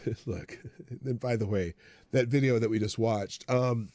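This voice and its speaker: A man's voice: fairly low pitch, unhurried, a little mellow, no room sound. A man hosting a live stream, giving casual, sarcastic political commentary and thinking aloud.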